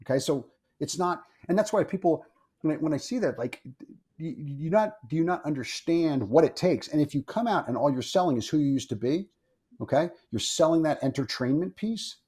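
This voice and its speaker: Blunt, opinionated man with a husky voice. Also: a little high, animated, fairly quick, mellow. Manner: blunt, opinionated, swears freely, repeats himself. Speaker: firearms instructor, guest. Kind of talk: casual podcast interview.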